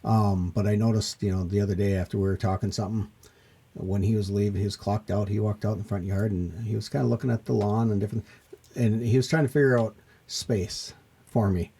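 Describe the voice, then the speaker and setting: Low-voiced business-owner guest, husky and dark, rambling and thoughtful. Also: male voice, steady tone, brisk. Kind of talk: casual conversation.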